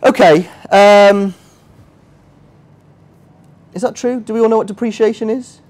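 Higher-voiced man teaching a chatty workshop. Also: steady tone, unhurried, a little mellow. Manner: chatty, quizzes the audience, self-mocking asides. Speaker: finance workshop trainer. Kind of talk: interactive teaching. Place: workshop room with a live audience.

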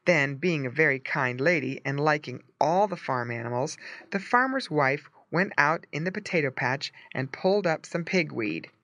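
A lively storyteller with a bright voice and a wide, animated lilt, reading a simple tale slowly and clearly for learners. The sound is close and dry. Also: medium pitch, no room sound. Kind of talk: scripted storybook narration for English learners.

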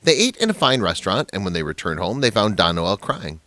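A man's voice: lowish voice, very animated, fairly quick, pushed and bright, no echo. A man narrating a dramatic family story in a scripted, emphatic way.

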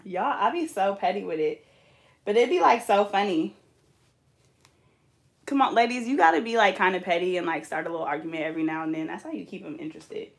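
A young woman, chatting casually and telling animated, sassy stories while she braids hair. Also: lowish voice, a little fast. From California. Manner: animated, laughing storyteller with playful sass.

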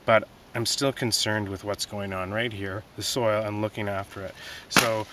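A man giving a relaxed, folksy gardening demonstration outdoors in his vegetable garden, with many fillers. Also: lowish voice, moderate pace. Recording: distant outdoor mic, faint noise.

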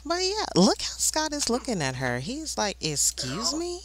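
A woman hosting a life-simulation game let's play, chatting casually and voicing the characters in quick asides. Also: high voice, wildly swooping pitch, slight background noise. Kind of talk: casual gameplay commentary.

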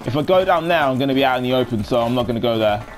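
A man's voice: mid-range voice, lively intonation, rapid-fire. A young man giving casual, jokey live commentary while playing a shooter game. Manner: chatty, jokey, self-narrating. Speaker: gaming commentator.

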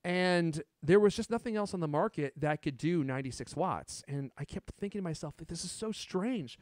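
A man hosting a casual tech podcast, excitedly showing off gadgets and chatting. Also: on the high side, fairly quick, no room sound, clean studio sound. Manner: excited, shows gadgets on camera. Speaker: podcast host.

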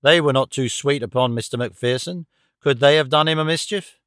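A man's voice: medium pitch, a little fast, a bit bright, smooth, no echo, clean studio sound, lightly acted. A man reading an audiobook, voicing a blunt and doubtful middle-aged police inspector who probes and questions. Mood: skeptical. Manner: skeptical and probing.

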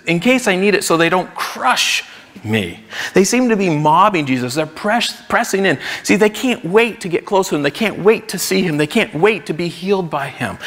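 A man's voice: sits high, fairly bright tone, big-room sound. A man preaching a sermon as pastor, in a conversational way, acting out what the crowds might say. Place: church sanctuary.

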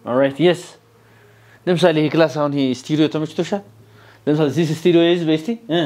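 Ethiopian male English teacher in studio, high voice, prompts and repeats. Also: steady tone, racing, darkish tone. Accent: Ethiopian, Amharic-accented English. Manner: quizzing and prompting, repeating words, asking "yes or no?". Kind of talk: bilingual English lesson, drilling vocabulary.

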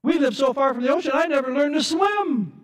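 A man preaching a sermon voices a scoffing male neighbor who mocks loudly and later shouts in a high, strained voice. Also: sing-song, moderate pace. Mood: panicked.

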